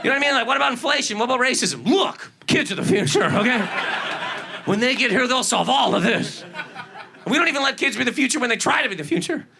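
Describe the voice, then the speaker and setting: A man's voice: very high-pitched, animated, quick pace, vocal fry, noisy background. A man performing a stand-up comedy set, ranting with incredulous, exaggerated delivery. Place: comedy club stage. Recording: live stand-up with audience laughter. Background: audience laughter.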